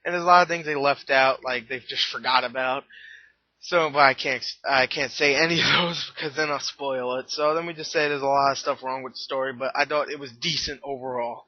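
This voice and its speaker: A man's voice: medium pitch, fairly even intonation, fairly quick, dry recording. A tired, slightly out-of-breath man rambles through a casual movie review, laughing and restarting his sentences. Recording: dull lo-fi webcam audio.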